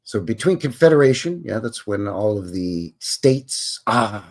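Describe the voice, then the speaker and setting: A man's voice: on the low side, expressive, normal speed, few pauses. Man, live stream host; casual, rambling, wry and skeptical, reads aloud between asides. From Canada. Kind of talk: live stream commentary, reading articles aloud.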